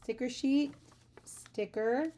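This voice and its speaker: This artist, sleepy and freshly awake, runs a relaxed livestream from her home studio, talking at length with viewers while packing orders. Her voice is high-pitched and mellow, taken slowly, with a little hiss or hum in the recording.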